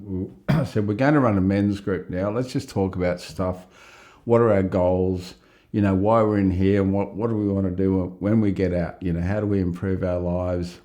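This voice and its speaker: A middle-aged Australian man telling a rambling, lively story in a casual interview. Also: low voice. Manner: rambling, animated, laughs at own story. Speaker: interviewee, psychiatric ward worker.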